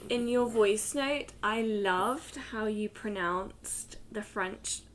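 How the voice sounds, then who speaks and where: A woman's voice: medium pitch, slow, slight background noise. A woman, co-hosting a casual podcast chat in a gushing, enthusiastic way. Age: 20s. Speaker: podcast co-host.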